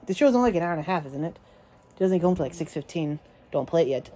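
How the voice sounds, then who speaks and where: A woman vlogging casually at home, rambling excitedly and chatting to her pets. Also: fairly low pitch, a little fast. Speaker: daily vlogger. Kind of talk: casual rambling vlog chat. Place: at home, yard and indoors.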